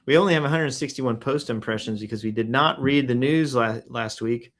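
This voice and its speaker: Man, livestream host, casual joking tone, hums little sound effects, clears throat a lot. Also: mid-range voice, brisk. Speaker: livestream host reading news and posts. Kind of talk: casual live-stream commentary. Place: at home in Texas.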